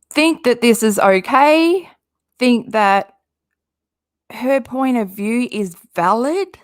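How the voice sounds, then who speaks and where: A woman's voice: a little high, dry recording, studio quality. A woman doing casual commentary, reading social media posts aloud with an exasperated, rambling manner and frequent swearing. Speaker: commentary YouTuber.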